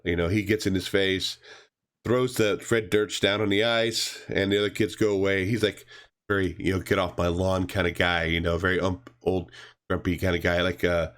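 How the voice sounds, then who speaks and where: Reviewing comics as a podcast co-host, this man speaks low and level at a moderate pace, his tone a bit bright. He rambles through a casual recap of a comic with lots of fillers and false starts, raising his voice to perform the characters' lines.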